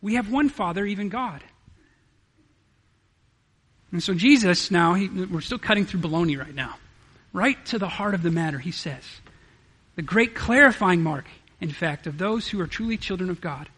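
A man's voice: high voice, lively intonation, moderate pace, long pauses, fairly bright tone, slightly rough. A man preaching an expository sermon, quoting scripture aloud and posing rhetorical questions in an earnest way. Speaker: pastor.

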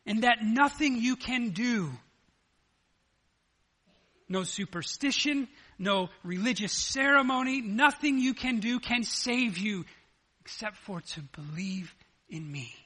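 A man preaching a sermon, animated and acting out the scripture dialogue as he retells it. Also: very high voice, takes it slowly, pauses often, slightly rough. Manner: animated, acts out the scripture dialogue in lively voices. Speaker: pastor.

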